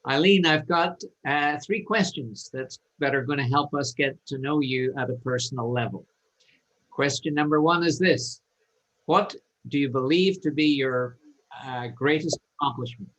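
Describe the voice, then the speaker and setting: A man's voice: fairly high pitch, normal speed, a bit bright, poor audio. A man hosting an online webinar, introducing a guest and giving instructions to participants in an upbeat manner. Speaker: webinar host. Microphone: video call.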